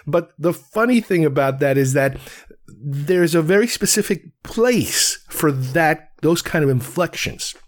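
A man's voice: a little high, expressive, measured pace. A man from New York talking casually about films, wandering off on tangents and often restarting his sentences. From Queens, New York. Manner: digressive, restarts thoughts often. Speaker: film reviewer. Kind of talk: casual film commentary.

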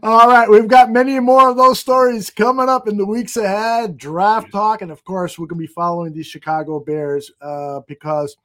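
A man's voice: high-pitched, fairly even intonation, moderate pace, few pauses, a bit bright. A man hosting a casual football chat, affable and laughing often, with short reactions. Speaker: podcast host.

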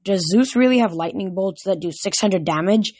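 An excitable young boy who can't stop squealing eager questions, as a young man puts him on. The voice jumps high and loud in a storybook reading, slightly husky and dry. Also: normal speed, dry recording. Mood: excited.

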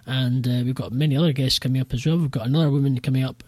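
Husky-voiced male podcast host. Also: medium pitch, steady tone, a little mellow, dry recording. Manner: rambling, halting questions. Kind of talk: casual interview.

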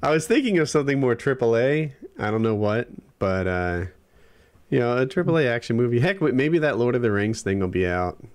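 A man's voice: medium pitch, expressive, fairly quick, smooth. A man in his forties co-hosting a podcast, chatting casually and rambling with lots of fillers. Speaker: podcast co-host. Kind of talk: casual chat.

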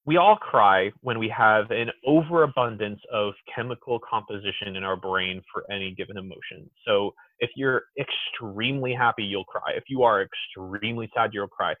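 A man as a podcast guest in casual chat, an animated, exuberant storyteller. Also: medium pitch, moderate pace, few pauses, no echo. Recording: tinny phone-like dry sound.

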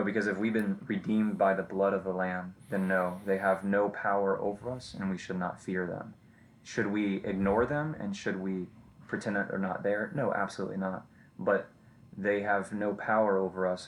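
A man with a fairly low voice, co-hosting a casual faith talk. He tells stories with energy and acts out the people in them. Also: moderate pace, a little hiss or hum. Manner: animated storyteller who acts out quoted voices. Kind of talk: casual Christian conversation.

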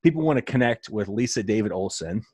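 A man's voice: on the low side, lively intonation, fast talker, darkish tone, a little hiss or hum. A man hosting an interview, chatting casually and laughing a lot at his guest's stories. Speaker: interview host.

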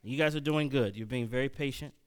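A man preaching at a Bible study, reading scripture slowly and then speeding up with questions to the congregation. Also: medium pitch, clear, resonant tone. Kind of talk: sermon-style Bible teaching.

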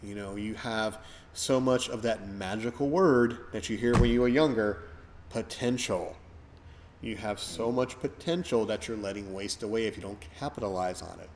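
Rambling middle-aged man hosting, low voice. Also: normal speed, darkish tone, slight background noise. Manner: rambling, reflective, many fillers. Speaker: podcast host. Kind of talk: casual podcast chat.

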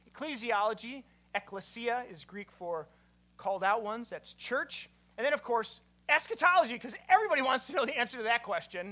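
A man, a pastor, giving an animated teaching sermon and quizzing his listeners. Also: sits high.

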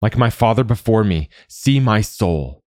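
A man's voice: lowish voice, animated, unhurried, a little mellow, no room sound, studio quality, voice pushed up. A man voicing a young male warrior, speaking in a raised, strained, pleading way in a storybook reading. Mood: solemn.

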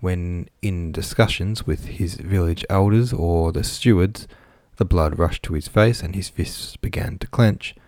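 A man with a deep, low voice narrates a classic novel in a measured, even manner. The recording is dry and close, with no room sound. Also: creaky, no echo. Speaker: audiobook narrator.

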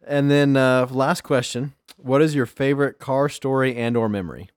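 A man's voice: medium pitch, smooth, no room sound, studio quality. Easygoing male podcast host. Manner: loose, quick, lots of fillers. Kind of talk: casual chat.

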